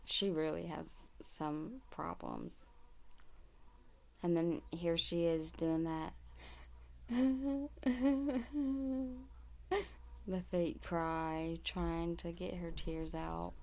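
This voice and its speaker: A woman's voice: fairly low pitch, fairly even intonation, drawn-out words, creaky, pauses often, darkish tone. A woman hosting reaction commentary on a video clip, making exasperated, critical remarks. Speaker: commentary host.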